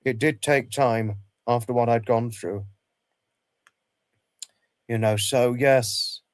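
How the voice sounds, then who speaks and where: A man speaks on a casual livestream in a middle-pitched voice, talking haltingly, circling back and repeating phrases as he gropes for words. The sound is dry and close, with no room around it. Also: steady tone, no echo. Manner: halting, repeats himself, many restarts. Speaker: livestream host.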